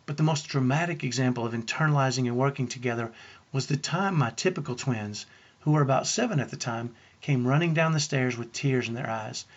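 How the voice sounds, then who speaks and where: A man's voice: mid-range voice, brisk, lo-fi sound. A man who works as a parenting coach, telling family stories to parents in an earnest way and asking the listener rhetorical questions. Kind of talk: storytelling talk to parents.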